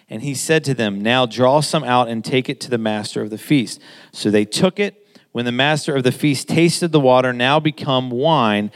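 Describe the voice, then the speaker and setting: A man in his thirties preaching a sermon in a casual, conversational way, getting animated as he makes his point. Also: mid-range voice.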